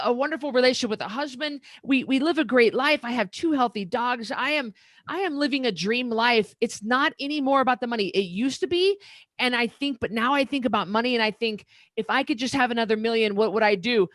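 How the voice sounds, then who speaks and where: A woman's voice: on the high side, fairly bright tone, no room sound. A middle-aged woman, a diet coach, talking openly and emotionally as a podcast guest. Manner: emotional, earnest, open. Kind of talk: candid interview talk.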